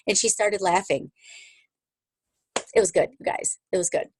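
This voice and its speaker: A woman's voice: medium pitch, fairly even intonation, normal speed, no echo. A middle-aged woman leading her sales team on a video call, upbeat and encouraging, chatting with asides.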